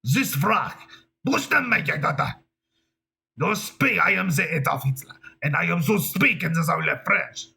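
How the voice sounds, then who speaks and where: A pompous old male dictator, as a man puts him on, declaiming grandly in a fake foreign accent that keeps turning into gibberish. The voice sits a little higher than a normal speaking voice and stays animated. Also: a little slow, vocal fry, slightly rough, heavily acted.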